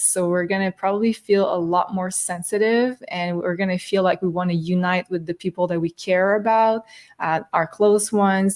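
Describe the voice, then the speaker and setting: A woman hosting an astrology show, talking casually and loosely with frequent fillers. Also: medium pitch. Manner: relaxed, searching, frequent fillers. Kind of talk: casual spiritual chat.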